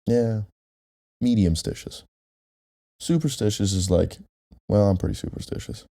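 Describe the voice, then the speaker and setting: Young guy, deep gravelly voice, loose rambly co-host, close mic at home. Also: unhurried, mellow, no room sound. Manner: rambling, self-deprecating, many fillers. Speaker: podcast co-host. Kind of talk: casual chat. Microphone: close directional mic.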